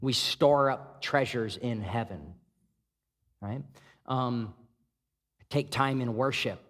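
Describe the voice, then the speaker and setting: A man's voice: medium pitch, slow pace, pauses often, a bit bright. A man preaching a sermon as pastor, in a casual, conversational way, often asking "right?" and acting out the thoughts of his listeners. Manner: conversational preaching, many rhetorical "right?" checks, acts out inner thoughts. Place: church hall. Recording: long hall reverb.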